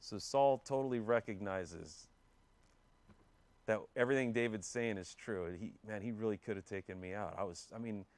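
A man as pastor, explaining a scripture passage in a relaxed, conversational way with frequent fillers and restarts. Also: on the low side, normal speed, no echo. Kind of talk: expository Bible teaching. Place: church.

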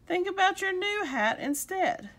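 A woman's voice: very high-pitched, lively intonation, unhurried, fairly bright tone, voice pushed up, exaggerated voice. A woman voicing a clever, cheerful schoolgirl in a storybook read-aloud. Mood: caring.

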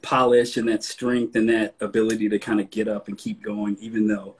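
A man with a Southern US accent hosting a casual interview, talking in a relaxed, conversational way and getting animated when he quotes himself. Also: on the low side, brisk, breathy edge, rough recording. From American South. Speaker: host.

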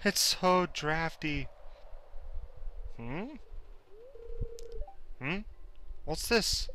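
A man's voice: a little high, sharp tone, a little hiss or hum. A man voicing a nostalgic old male town mayor for a video game, putting on a mock Irish accent and an old-timer drawl. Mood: puzzled.

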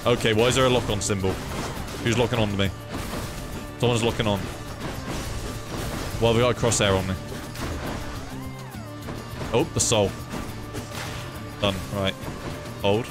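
Young gamer on a desk mic, relaxed, cursing, fairly low voice, faint music behind. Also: male voice. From United Kingdom. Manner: relaxed, swears freely, reads chat aloud. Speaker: streamer. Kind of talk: casual live gameplay commentary.

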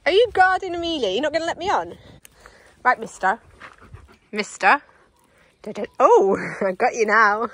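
A young mother who vlogs chats playfully with her dogs and child in her back garden, coaxing the dogs in a sing-song way. Her voice sits a little high and sounds a bit bright.

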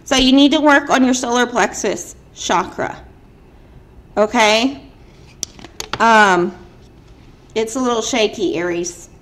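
A woman's voice: fairly high pitch, takes it slowly, pauses often, fairly bright tone. A woman giving a casual spiritual card reading straight to camera, chatty and emphatic. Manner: chatty, emphatic, lots of filler "like". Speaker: tarot card reader.

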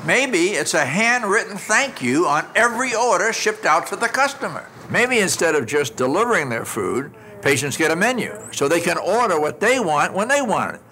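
Lively older man telling bright punchy stories. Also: high voice, moderate pace, few pauses, a little hiss or hum. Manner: animated, punchy storyteller who acts out dialogue. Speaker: customer service speaker. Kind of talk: motivational storytelling talk.

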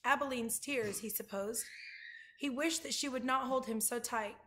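A woman reading a children's chapter book aloud, pausing to show pictures to her listeners. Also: a little high, a bit bright, slight background noise. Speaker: reader.

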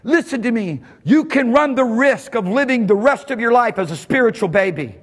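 A male pastor preaching a sermon at a church service. He preaches fervently, jumps from sudden shouts to a low, quiet voice, and chuckles between phrases. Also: expressive, moderate pace, long reverb tail.

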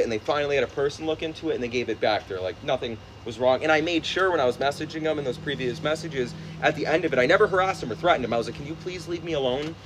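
Animated young man swearing freely. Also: fairly high pitch, poor audio. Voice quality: profane, animated storytelling. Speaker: streamer. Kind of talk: casual chat among friends. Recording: faint background noise.

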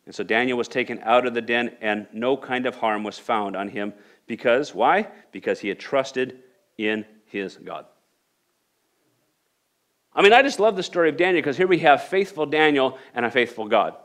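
Animated male pastor preaching. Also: mid-range voice, moderate pace. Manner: animated preaching, swells to emphatic rhetorical questions; repeats and restarts phrases while reading scripture aloud. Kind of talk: sermon.

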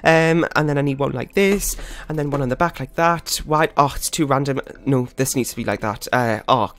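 A man's voice: medium pitch, fairly even intonation, a little fast, few pauses, fairly bright tone. A man hosting his own gaming channel, giving flustered, rambling, self-critical live commentary while he plays. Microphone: desktop USB microphone.

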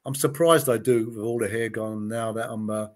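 This man, in his late sixties and once a TV gladiator, tells chatty stories during a casual interview, imitating whoever he's quoting and saying "you know" a lot. He speaks at a moderate pace in a lowish voice with fairly level intonation.

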